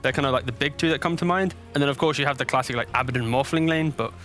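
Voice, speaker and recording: A man analysing a live esports draft, explaining at length in a quick, lively way. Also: medium pitch, faint music behind.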